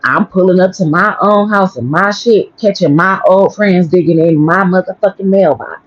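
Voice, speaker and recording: A woman's voice: fairly low pitch, normal speed, dry recording. A woman tells a story on her livestream in a blunt, profane way. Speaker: livestream host. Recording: dry, dull lo-fi stream audio.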